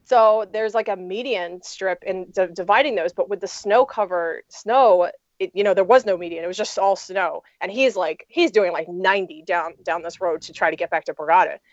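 A woman's voice: on the low side, moderate pace, few pauses, no room sound, dull audio. Chatty woman telling a rambling story. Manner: rambling with many fillers and restarts. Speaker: poker player guest. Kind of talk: casual storytelling interview.

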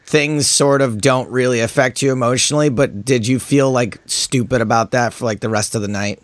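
A man's voice: mid-range voice, fairly even intonation, normal speed, dry recording. A man hosting a casual chat, jumping in with questions and comments. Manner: chatty, interjecting questions.

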